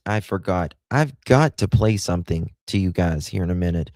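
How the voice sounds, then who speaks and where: A man's voice: low-pitched, normal speed, a little mellow, no room sound. A man hosting a livestream, giving blunt, crude, rambling commentary. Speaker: livestream host.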